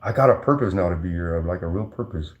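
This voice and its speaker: A man's voice: deep voice, lively intonation, quick pace, highs cut off. A man, telling stories in a slangy, rambling way, full of restarts and fillers. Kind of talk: casual storytelling.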